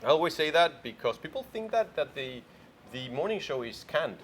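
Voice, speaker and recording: A man's voice: a little high, sing-song, moderate pace, slight background noise. Playful male morning show host. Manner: playful, quizzing his co-host. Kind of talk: casual chat.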